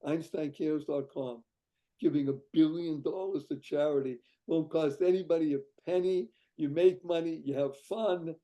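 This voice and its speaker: A man's voice: fairly high pitch, steady tone, normal speed, mellow. A man from Boston, a guest on an interview show, talking up his fundraising idea with exuberant, salesy enthusiasm and frequent laughs. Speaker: guest, founder of a charity fundraising site.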